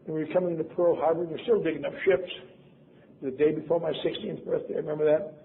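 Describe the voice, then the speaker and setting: A creaky, fairly high-pitched man talks fast in a steady tone while giving a convention talk. He's in his seventies, from Wisconsin, and his storytelling is wry and self-mocking, with quoted voices acted out. The lo-fi tape has a phone-like quality and faint hiss.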